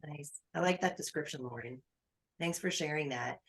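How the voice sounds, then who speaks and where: A woman's voice: low-pitched, moderate pace, gravelly, a bit bright, slight background noise, rough recording. A woman hosting a podcast interview, attentive and encouraging as she asks questions. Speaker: podcast host. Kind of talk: casual interview chat.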